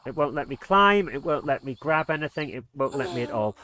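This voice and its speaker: A man's voice: medium pitch, lively intonation, a little fast, few pauses, sharp tone. A man commentating casually on his gameplay as a let's play host, exasperated and muttering under his breath.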